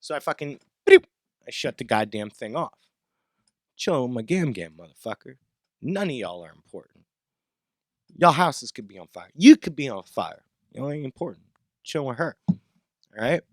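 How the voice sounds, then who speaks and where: A man hosting his own podcast in a heated, profane rant. His voice sits at an ordinary middle pitch and sounds dry and close. He lurches between loud blowups and low grumbling asides. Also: sing-song, moderate pace, long pauses, no room sound. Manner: swings between loud outbursts and low muttering. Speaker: podcast host. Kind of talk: off-the-cuff ranting monologue.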